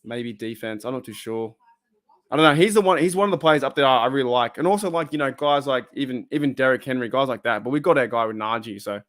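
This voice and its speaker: A man's voice: mid-range voice, fast, fairly bright tone. An Australian man hosting a casual live stream, talking bluntly and heatedly and swearing freely.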